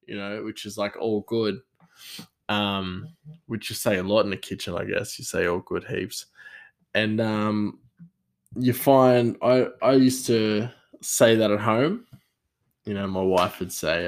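A man's voice: fairly low pitch, fairly even intonation, measured pace. A man with an Australian accent who works in a kitchen, chatting casually in a rambling, sarcastic way with lots of fillers. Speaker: kitchen worker. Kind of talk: casual storytelling chat.

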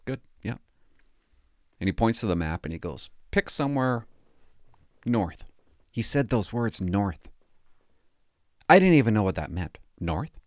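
Man, lowish voice, lively swings, rambling self-interrupting storyteller, dry close mic. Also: a little fast, no echo. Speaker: former police cadet telling stories. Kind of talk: casual storytelling monologue.

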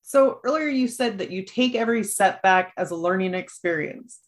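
A woman's voice: mid-range voice, lively intonation, normal speed. Lady podcast host, super enthusiastic, chatty questions and laughs. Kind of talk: podcast intro and interview.

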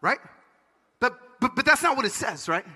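A man giving a personal testimony sermon as a conference speaker, dramatic, swinging from loud to hushed. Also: very high voice, big pitch swings, normal speed. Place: large hall before an audience. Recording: long hall reverb.

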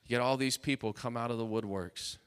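A man's voice: medium pitch, steady tone, fairly quick, a bit bright, clean tone. A male pastor preaching a fervent, emphatic sermon in church, calling out to his congregation.

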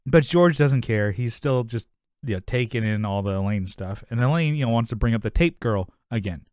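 A man's voice: mid-range voice, lively intonation, a little fast, darkish tone, no room sound, clean studio sound. A man co-hosting a podcast, chatting casually and rambling through a TV episode recap, with lots of "you know" fillers and frequent laughs. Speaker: podcast co-host.

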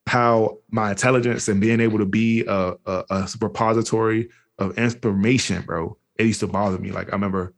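A man's voice: lowish voice, fairly even intonation, a little fast, hardly any pauses. A man from the Washington, D.C. area, speaking candidly and slangily as an interview guest, with frequent restarts. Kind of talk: candid personal storytelling.

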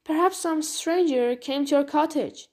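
A woman's voice: high voice, unhurried, darkish tone, voice pushed up. Woman voicing a blunt skeptical farrier. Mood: practical. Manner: dismissive, blunt. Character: skeptical practical male farrier.

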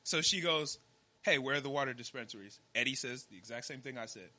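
A man's voice: medium pitch, quick pace, sharp tone. A young man, a podcast co-host, telling a story in casual chat and acting out the dialogue with animation.

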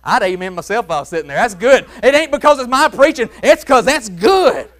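A man with a Mississippi accent preaching a sermon in folksy Southern speech, shouting some phrases and dropping to a hush on others. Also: very high voice, big pitch swings, fairly quick. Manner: swings from shouting to hushed, soft tones; folksy Southern grammar, chuckles while preaching. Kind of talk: revival sermon. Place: church.

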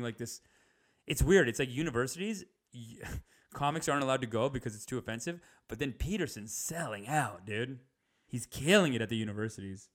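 A young man riffing in a comedic rant, animated, slipping into higher mocking impressions.

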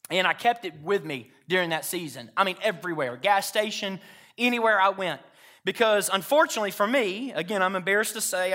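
A man preaching a sermon to a church congregation, moving from hushed personal storytelling to loud emphatic exhortation. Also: high-pitched. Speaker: pastor.

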